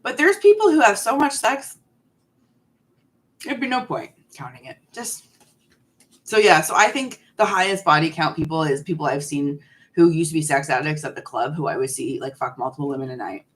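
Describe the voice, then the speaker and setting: A woman's voice: sits low, lively intonation, moderate pace. A woman in her forties hosting a live stream, chatting candidly and answering viewers' questions while snacking on candy. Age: 40s.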